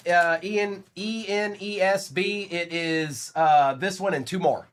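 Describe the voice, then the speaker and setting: A man's voice: high-pitched, animated, takes it slowly, slight background noise. A man from Virginia hosting a live card break stream, rattling off player names and chatting with viewers between pulls.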